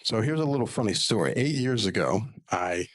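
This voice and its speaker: A middle-aged man with a somewhat low voice speaks as a meditation teacher. He tells his stories in an earnest, folksy way and often checks in with the listener through rhetorical asides. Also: animated, fairly quick, poor audio. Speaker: spiritual healer and pyramid meditation teacher. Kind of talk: storytelling monologue.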